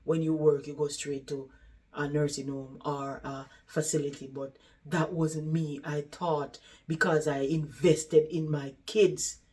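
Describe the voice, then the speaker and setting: A tired old woman looks back on a life of overwork with quiet regret, voiced by a woman retelling her story. The speech is slow and heavy and sits near tears. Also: low voice, level tone. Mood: regretful. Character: weary regretful older woman in care.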